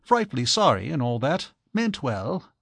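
A man voicing a cheerful young English gentleman who chatters in breezy upper-class slang. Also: mid-range voice, big pitch swings, normal speed, vocal fry, breathy edge, no room sound, studio quality, exaggerated voice. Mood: apologetic.

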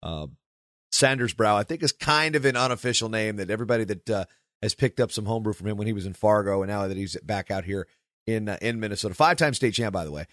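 A man with a raspy voice hosting a wrestling podcast in casual, rambling chat full of filler words. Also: fairly low pitch, fast talker, a bit bright, dry recording, clean studio sound. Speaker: podcast host.

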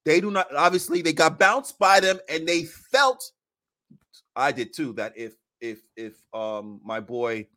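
A man in casual sports podcast chat, animated and laughing, acting out quotes as he talks basketball. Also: fairly high pitch, unhurried.

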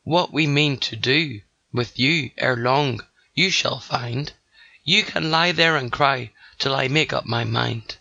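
A man's voice: medium pitch, slow, bright, forceful tone, no room sound, highs cut off, exaggerated voice. A man voicing a big, savage father bear in a storybook reading, close to his own voice. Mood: gruff. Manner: gruff and commanding.

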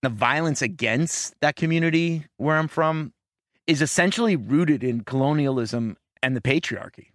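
A man's voice: a little high, normal speed, dry recording, clean studio sound. An earnest man from Puerto Rico co-hosting a podcast discussion. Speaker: podcast co-host.

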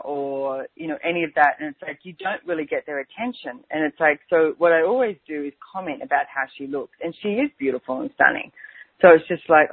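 A woman's voice: fairly low pitch, expressive, brisk, slightly rough, dry recording. A woman hosting a radio talk show, chatting casually and filling her speech with "and it's like". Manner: chatty, keeps saying "and it's like". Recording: tinny phone-like line, dry.

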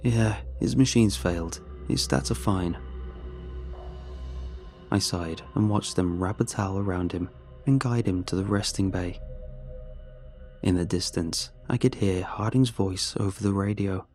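A man reading a first-person horror story in a measured, steady way. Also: sits low, faint music behind.

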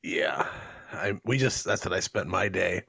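Gravelly young guy, lowish voice, rambly crude stories, dry mic. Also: animated, measured pace, pushed and bright, dry recording. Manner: rambling, crude, laughs mid-story. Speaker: podcast co-host. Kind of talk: profane casual storytelling.

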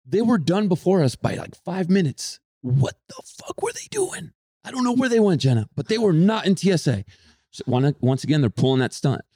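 A young man co-hosting a podcast, telling a story in casual chat, animated and swearing, acting out people who shout. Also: a little high, moderate pace, slightly rough, no echo, studio quality. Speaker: podcast co-host.

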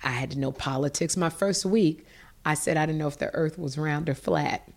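A middle-aged woman, a guest in an interview, telling a personal story in an animated, emotional way with frequent restarts. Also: deep voice, moderate pace.

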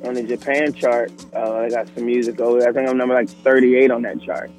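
A man, a touring musician, chatting casually on the phone with radio hosts in a relaxed, slangy way, laughing easily. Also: medium pitch, fast, faint music behind, poor audio.

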